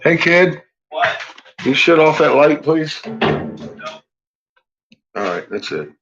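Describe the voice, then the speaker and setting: Speaking slowly, this man has a slightly high voice whose pitch swings widely. He's filming a casual, rambling vlog at home, swearing often and chatting with his pets and himself. The recording is muffled and lo-fi, and background noise is easy to hear.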